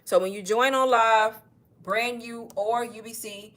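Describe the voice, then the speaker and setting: A woman chats straight to her livestream viewers. She is a little out of breath and keeps calling them "y'all" as she pitches online courses in a relaxed, talkative way. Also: a little slow. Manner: chatty, addresses viewers as y'all. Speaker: online marketing creator. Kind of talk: casual livestream sales talk.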